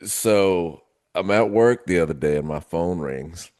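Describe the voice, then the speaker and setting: A man co-hosting a casual podcast, telling anecdotes in an animated way. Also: low voice, measured pace. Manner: storytelling, animated retelling of anecdotes. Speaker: co-host.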